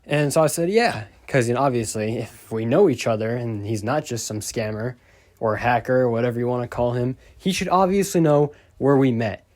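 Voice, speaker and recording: Brief: male YouTuber, mid-pitched voice, loose rambling storytime delivery, exasperated and profane. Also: normal speed, darkish tone. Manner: rambling, exasperated, swears freely. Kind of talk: casual storytime rant.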